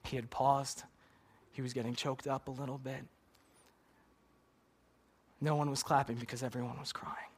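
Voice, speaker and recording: A man's voice: medium pitch, little pitch movement, normal speed, pauses often, slightly rough. A man preaching a sermon and leading a closing prayer, earnest and direct, often checking in with "right?". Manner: earnest, repeats "God" and "Lord" in prayer; asks "right?" of the listeners.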